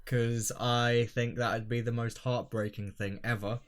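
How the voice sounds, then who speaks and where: A man's voice: mid-range voice, flat delivery, measured pace. A man co-hosting a podcast in casual chat, talking with fillers and frequent laughs. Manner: chatty, laughs often, hesitant fillers. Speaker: podcast co-host.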